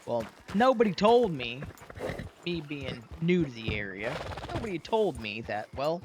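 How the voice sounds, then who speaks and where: A man's voice: a little high, big pitch swings, a little slow, noisy background. A young man casually telling a roleplay story in a folksy, rambling way with many fillers and restarts.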